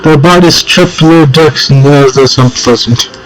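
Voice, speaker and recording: A man's voice: a little high, normal speed, rough recording. A man casually narrating his playthrough of a text adventure game, reading choices aloud with wry asides. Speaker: gameplay narrator. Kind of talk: casual let's-play commentary.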